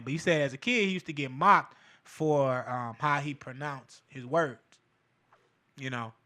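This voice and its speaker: Animated man with bright, raised voice. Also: fairly high pitch. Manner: animated, emphatic, street slang, frequent fillers. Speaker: podcast host. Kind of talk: casual commentary monologue.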